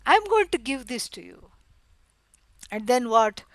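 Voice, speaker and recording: A middle-aged woman teaching a scripture lecture. She explains at length, fills pauses with "you know" and stresses words for emphasis. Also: a little high, big pitch swings, fairly bright tone, no echo, rough recording. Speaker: Vedanta teacher.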